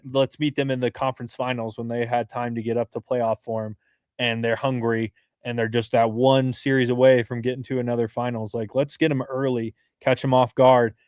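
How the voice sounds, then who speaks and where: A man co-hosting a sports podcast, talking through basketball analysis in an earnest, fast-flowing way with frequent restarts. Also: mid-range voice, no room sound, clean studio sound. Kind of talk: casual sports talk.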